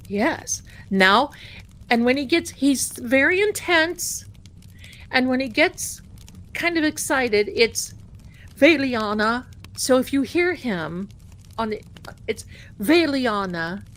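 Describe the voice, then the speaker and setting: A woman hosting a tarot livestream, chatting casually and telling a personal story in an animated, amused way. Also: high-pitched. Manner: chatty, animated, laughing at her own story. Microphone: desk mic at home.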